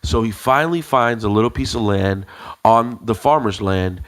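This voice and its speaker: A man's voice: lowish voice, normal speed. A man co-hosting a podcast, telling a story casually with many fillers and restarts. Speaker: podcast co-host.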